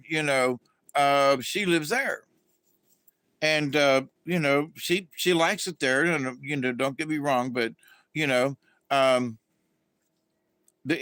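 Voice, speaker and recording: Middle-aged male host, raised in Florida, unhurried and rambling, fairly high voice, dry close sound. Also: a bit bright, dry recording. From Florida, USA. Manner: meandering, with many fillers and restarts. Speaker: channel host. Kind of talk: casual rambling monologue.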